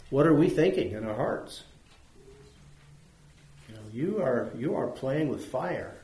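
In an echoey church room, a preacher teaches a Bible class to an audience in a conversational way. His mid-range voice is a little mellow, and he poses questions and repeats points for emphasis.

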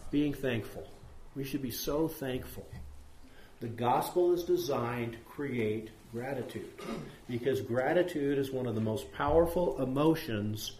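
A man's voice: medium pitch, a little slow, darkish tone, slight background noise. Man teaching a Bible study in an echoey room. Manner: rambling, asks the group questions, many fillers. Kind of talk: conversational Bible study sermon.

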